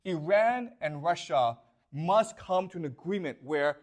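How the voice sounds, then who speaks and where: A man's voice: fairly high pitch, expressive, unhurried. A man lecturing a class, constantly checking that his students understand with rhetorical questions.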